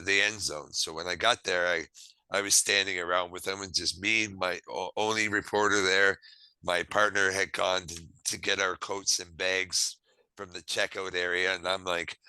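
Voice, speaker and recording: A deep-voiced man spins an animated story, punchy and forceful in tone. His voice comes through smooth and resonant on a dry, close recording, and he acts out every quoted line. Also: moderate pace, no room sound, rough recording. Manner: lively, acts out quoted dialogue; self-described quirky. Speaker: podcast host. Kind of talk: casual storytelling.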